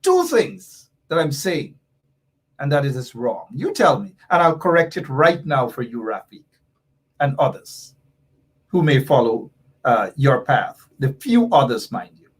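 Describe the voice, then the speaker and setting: A man's voice: mid-range voice, sing-song, unhurried, husky. A man hosting a political talk show, emphatic and repetitive, reading out viewer comments and answering them. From Guyana. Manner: emphatic, repeats points, reads viewer comments aloud. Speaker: show host.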